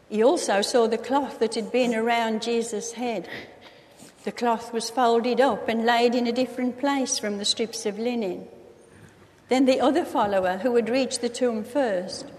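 Woman, Bible story reading, steady storyteller, slightly high, hall reverb. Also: a little hiss or hum. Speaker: reader.

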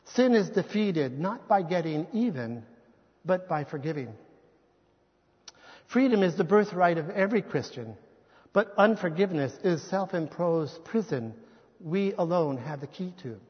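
High-voiced male preacher in a reverberant hall. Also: expressive, a little slow, dull audio. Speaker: pastor. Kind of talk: sermon.

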